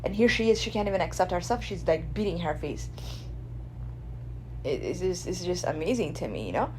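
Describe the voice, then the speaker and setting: A woman's voice: on the low side, fairly quick, slight background noise. Blunt woman. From Ethiopia. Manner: blunt, animated, swears freely, keeps asking "right?". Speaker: radio show host. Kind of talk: casual opinion monologue.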